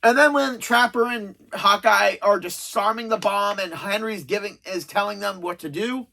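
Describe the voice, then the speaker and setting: A chatty reviewer in their thirties with a bright, forceful voice, counting down favourite episodes. The talk wanders and restarts, with a dry, sarcastic edge throughout. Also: medium pitch, moderate pace, creaky, hardly any pauses. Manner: chatty, self-described sarcastic, rambling with restarts. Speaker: video reviewer. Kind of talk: casual spoken episode countdown.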